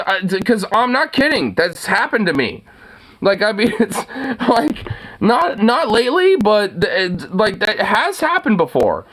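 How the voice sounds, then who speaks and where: A man's voice: high-pitched, a bit bright. A young man hosting a casual solo talk, ranting with lots of fillers, swearing and frequent laughter.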